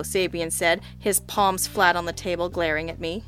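A woman narrating a first-person audiobook in an even, wry delivery. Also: on the low side, moderate pace, soft background music.

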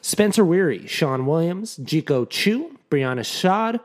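A man's voice: on the high side, expressive, unhurried. A man co-hosting a podcast in casual chat, joking dryly and reading out names. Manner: dry, joking, reads lists of names. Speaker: podcast co-host.

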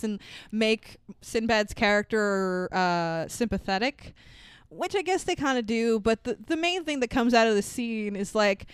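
Woman podcast co-host, casual movie recap, smooth clear voice, dry close sound, swears and laughs. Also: fairly high pitch, fairly bright tone, dry recording. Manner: sweary, laughing, acts out characters' lines.

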